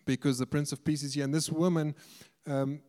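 Earnest preacher in a reverberant hall. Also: male voice, on the high side, flat delivery, fairly quick, warm tone. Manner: earnest, stumbles and repeats words when explaining. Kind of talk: sermon.

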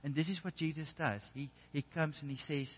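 A man's voice: a little high, fairly even intonation, brisk, slightly rough. A man preaching a sermon in an earnest way, often restarting and repeating words as he builds a point. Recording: echoey hall, dull lo-fi sound.

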